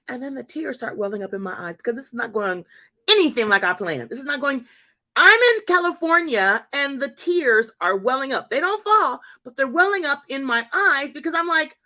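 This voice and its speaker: Lively, animated woman in her fifties. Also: high voice, a little fast. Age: 50s. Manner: animated, emphatic repetition, addresses listeners as y'all. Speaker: host. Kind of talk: faith talk, storytelling to an audience.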